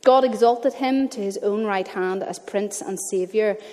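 A woman preaches in an earnest, conversational manner, sharing personal stories between Bible readings. Her voice sits at an ordinary middle pitch. A long reverb from the church hall trails after each phrase. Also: a little slow, a little mellow. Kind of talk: sermon.

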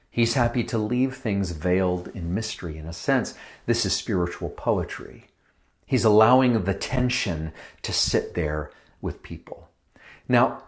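Lively low-voiced man preaching. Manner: reflective, lingers on phrases with asides. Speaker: guest speaker. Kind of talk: sermon.

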